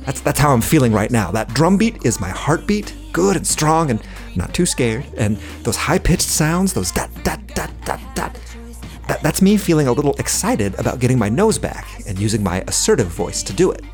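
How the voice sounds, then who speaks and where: Soft music plays behind a man voicing Scotty, a children's audio drama host who is bubbly, talkative, and full of puns, addressing listeners head-on. His voice is medium-pitched and a little mellow, very animated, at a moderate pace.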